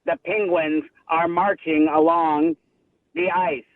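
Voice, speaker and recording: A man doing a flat, unconvincing celebrity impression over a phone. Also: on the high side, takes it slowly, no echo, pitched below the performer's own voice. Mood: mock deep narrator. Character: clumsy impressions of a president, a spy and a narrator. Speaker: caller. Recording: tinny phone line.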